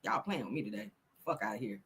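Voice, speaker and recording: A woman's voice: rumbling low, animated, fast, a bit bright, breathy edge. A woman hosting a casual celebrity gossip livestream, sassy and profane, laughing often and talking straight to her viewers.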